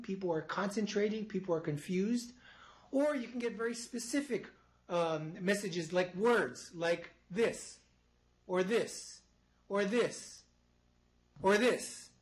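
A man's voice: sits high, rough recording. A man, a psychology professor, lecturing live to a studio audience in an explanatory way, often restarting his phrases. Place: university studio before an audience.

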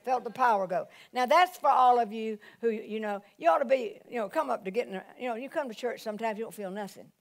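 Woman pastor, lively sermon delivery, slightly high voice, calls out often. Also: quick pace, few pauses. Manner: animated preaching with exclamations.

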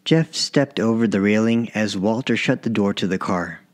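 A man narrating his own short story as an audiobook, in a measured, even reading. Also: on the low side. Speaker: author and narrator.

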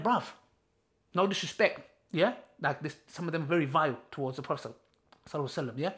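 A man's voice: sits high, fast talker. A man giving an impassioned talk to his viewers, emphatic and repetitive, rising into heated outbursts. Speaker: online preacher. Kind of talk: impassioned street-style talk.

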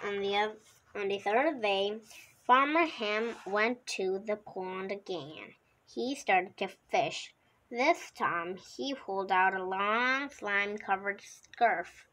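A storybook reader with a medium pitch and a touch of brightness reads aloud from a children's picture book, unhurried, with occasional slips and restarts. The low-quality recording carries slight background noise.

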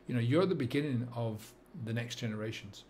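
A middle-aged man with a Dublin accent, talking to camera as a sobriety coach, earnest and halting with many fillers and restarts. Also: medium pitch, warm tone, a little hiss or hum. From England and Ireland. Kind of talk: reflective monologue to camera.

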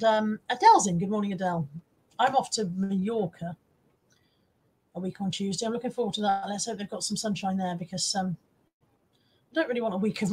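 A woman's voice: medium pitch, darkish tone, breathy edge. A woman hosting a casual live stream, chatting to her viewers and reading out their comments, self-deprecating and swearing now and then.

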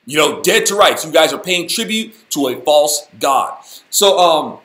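A man hosting a casual Bible study, talking in an animated, folksy, slangy way. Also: fairly high pitch, a little slow, roomy sound. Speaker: host, Bible teacher.

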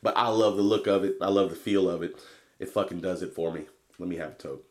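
A man's voice: deep voice, quick pace. A man reviewing a vape box in a rambling, swearing, laid-back vlog. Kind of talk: casual product review vlog.

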